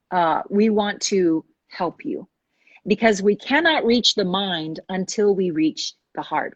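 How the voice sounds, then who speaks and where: A woman hosting a talk show, telling a story with lively acted-out quotes. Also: medium pitch, dry recording, highs cut off. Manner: animated storyteller acting out quoted voices. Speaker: host.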